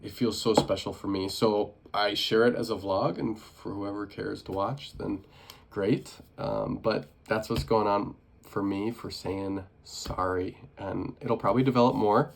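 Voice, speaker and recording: A man's voice: lowish voice, fairly even intonation, unhurried, creaky. A young man vlogging casually and earnestly about his life, rambling with many restarts and fillers. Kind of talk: casual personal vlog reflection.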